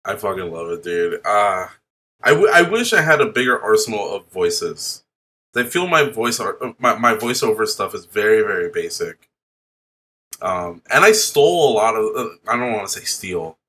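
A young man co-hosting a podcast who tells stories excitably and swears freely. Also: on the low side, moderate pace. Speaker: podcast co-host. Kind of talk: casual chat.

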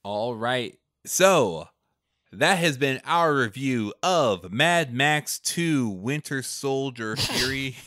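A man's voice: mid-range voice, expressive, takes it slowly, pushed and bright, no echo, clean studio sound. A man co-hosting a casual movie-review podcast, laughing often and hesitating with many ums and restarts. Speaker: podcast co-host.

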